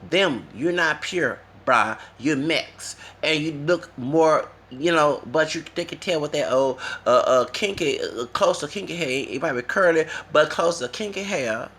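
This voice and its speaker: A man's voice: a little high, measured pace, hardly any pauses. A man from the United States ranting casually on a vlog, rambling and mocking, tagging his points with a questioning "okay?". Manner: rambling, keeps asking "okay?"; mocking, animated. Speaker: vlogger. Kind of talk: casual rant to camera.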